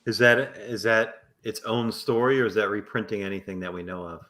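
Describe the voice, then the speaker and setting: A man co-hosting a podcast asks relaxed, casual questions. His voice sits on the low side. A faint noise runs underneath. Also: fairly quick. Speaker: podcast co-host. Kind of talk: casual chat.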